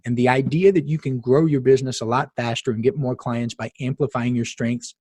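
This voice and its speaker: A man's voice: mid-range voice, steady tone, a little fast, darkish tone, breathy edge, dry recording. A man hosting a podcast, talking casually and emphatically, telling stories with asides to the listener. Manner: chatty, emphatic, storytelling with asides. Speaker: podcast host.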